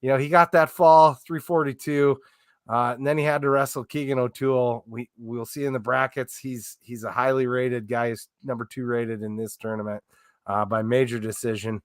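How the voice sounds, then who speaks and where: A man's voice: mid-range voice, level tone, moderate pace, no echo, studio quality. A man co-hosting a casual sports podcast, telling stories in a rambling way with lots of fillers and restarts. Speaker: podcast co-host.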